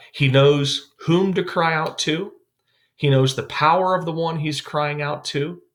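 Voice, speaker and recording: A man, a youth pastor, teaching a Bible devotional in a calm, explanatory way with frequent "uh" fillers. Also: medium pitch.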